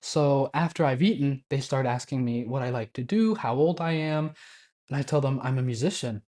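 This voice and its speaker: In a medium-pitched, slightly mellow voice at a moderate pace, this twenty-something man chats through a travel story. He laughs often and performs bits of quoted Japanese as he goes.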